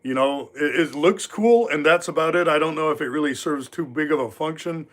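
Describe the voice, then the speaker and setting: A man's voice: fairly high pitch, fairly even intonation, a little fast, a bit bright. Rambling middle-aged man telling stories. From Alaska. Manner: rambling, with frequent filler words. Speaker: livestream host. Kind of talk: casual storytelling. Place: knife workshop.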